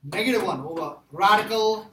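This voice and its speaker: A man lectures a math class in a high, bright voice, pressing his points again and again and firing questions at the students. He is recorded from a distance in an echoey classroom with a faint hiss. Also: fairly quick. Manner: emphatic, repeats himself, quizzes students. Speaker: math teacher.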